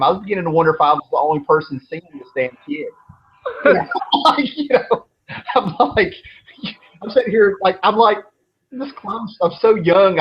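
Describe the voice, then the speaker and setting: With a fairly high, husky voice, this show host in his thirties tells sprawling stories in an easy, conversational style and doesn't hold back on profanity. Faint noise sits under the dull lo-fi recording.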